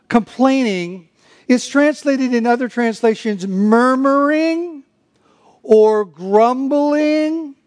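High-voiced emphatic male preacher. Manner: emphatic, slows down to stress key phrases; mimics grumbling with muttered nonsense sounds. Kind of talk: sermon.

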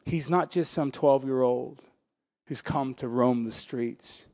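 A man preaching a sermon as pastor, animated and joking, breaking into laughter and acting out voices. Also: mid-range voice, slow.

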